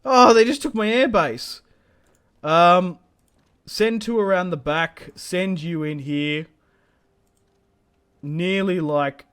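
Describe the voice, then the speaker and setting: A young man hosting a gaming channel, giving live strategy game commentary in an excitable, think-aloud way with many fillers. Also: on the high side, clean tone, no room sound, clean studio sound.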